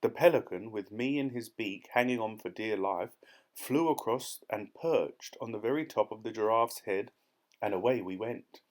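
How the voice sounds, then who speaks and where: A man narrating a children's audiobook in a clear, steady storytelling manner. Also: fairly low pitch, normal speed. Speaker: audiobook reader.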